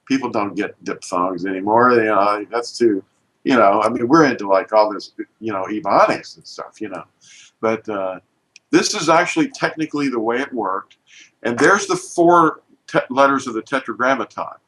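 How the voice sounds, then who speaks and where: A man's voice: fairly low pitch, animated, normal speed, fairly bright tone, rough recording. Man explaining letters at a board. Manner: emphatic, with frequent restarts. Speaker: teacher. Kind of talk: informal spoken lesson.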